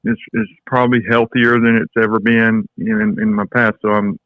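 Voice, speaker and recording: A man's voice: lowish voice, little pitch movement, a little fast, no room sound. A man in his thirties with a Southern US accent, an easygoing, plainspoken podcast guest. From Alabama, US. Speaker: guest, lawn care business owner. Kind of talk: casual interview chat. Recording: dull lo-fi call audio.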